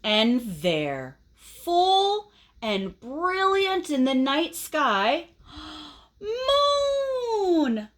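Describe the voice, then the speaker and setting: A woman reading a picture book aloud to children in an expressive way, pausing to ask the listeners questions. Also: high-pitched.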